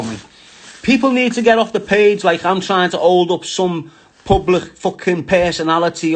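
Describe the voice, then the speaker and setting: Crude, combative Scouse man ranting. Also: fairly high pitch. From Liverpool, England. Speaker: Instagram live streamer. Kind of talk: ranting live stream.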